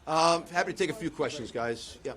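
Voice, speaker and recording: A man's voice: on the high side, fairly quick, fairly bright tone. A man, a political candidate, giving a concession speech and then answering press questions, driving points home with repeated phrases. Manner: rhetorical, repeats phrases for emphasis.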